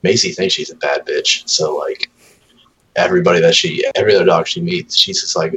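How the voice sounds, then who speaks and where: A man's voice: low-pitched, steady tone, fairly quick, fairly bright tone, a little hiss or hum, rough recording. A man in casual chat, telling rambling, profane stories about his dogs and mimicking them. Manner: rambling storyteller, swears often, mimics his dogs in voices.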